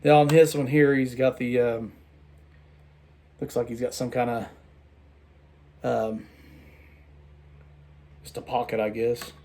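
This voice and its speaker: A tired man rambling through a casual toy review vlog late at night, halting and restarting his sentences. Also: medium pitch, level tone, warm tone. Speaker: toy collector vlogger.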